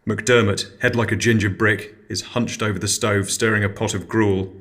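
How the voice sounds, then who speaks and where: Mild, hesitant low-voiced host. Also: male voice, little pitch movement, normal speed, a bit bright. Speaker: podcast host. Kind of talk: absurdist comedy narration.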